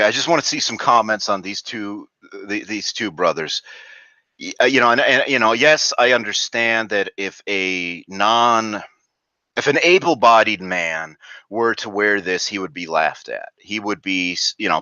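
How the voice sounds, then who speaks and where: A man's voice: lowish voice, expressive, moderate pace, bright, forceful tone, dry recording. A man doing a reaction commentary vlog, ranting crudely and rambling with fillers and restarts. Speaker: video commentator. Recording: dull lo-fi dry recording.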